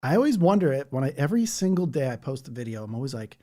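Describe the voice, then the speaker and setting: A man's voice: medium pitch, big pitch swings, fast, warm tone. A man hosting a casual livestream, chatting loosely and reading out viewer comments. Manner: rambling, chatty, reads chat comments aloud. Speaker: livestream host.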